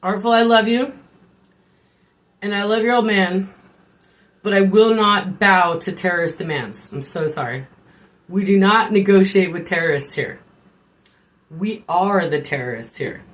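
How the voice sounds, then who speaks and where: A woman with a mid-range voice talks unhurriedly and pauses often as she rambles on a live stream from her home kitchen. Her chat with viewers is casual, jokey, and profane.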